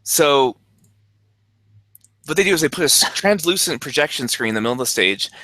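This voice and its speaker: A man with a bright, forward voice co-hosts a casual podcast in a dry, close recording. He presents his news items in a relaxed, chatty way, full of fillers and small restarts. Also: fairly high pitch, fairly quick, dry recording. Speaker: podcast co-host. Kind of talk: casual chat.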